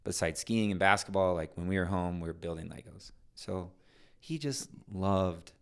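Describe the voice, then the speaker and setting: A man's voice: deep voice, moderate pace, clean tone. A middle-aged man, a podcast guest, telling stories in conversation, acting out voices and often restarting his sentences. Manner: animated, acts out voices in anecdotes; frequent restarts and trailing phrases. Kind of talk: storytelling in conversation.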